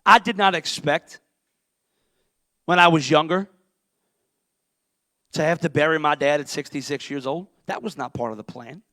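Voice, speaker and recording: A middle-aged male pastor preaching an impassioned sermon, swinging from shouts down to near-whispers. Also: fairly high pitch, normal speed, long pauses, no room sound.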